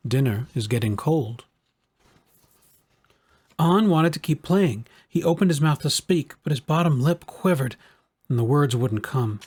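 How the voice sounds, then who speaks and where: A man reading a children's storybook aloud in a calm, measured way. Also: on the high side, slightly rough, dry recording. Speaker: narrator.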